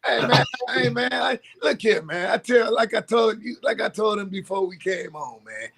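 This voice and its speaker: Animated high-voiced man telling stories. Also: moderate pace, gravelly, breathy edge. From Michigan. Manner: animated storyteller, acts out dialogue, laughs a lot. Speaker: co-host. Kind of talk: casual sports talk show banter.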